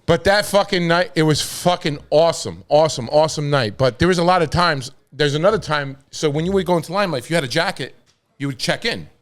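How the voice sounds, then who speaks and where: A man telling wild stories on a podcast in a loose, profane, animated way. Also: a little high, quick pace. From New York. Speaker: podcast host. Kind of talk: casual storytelling.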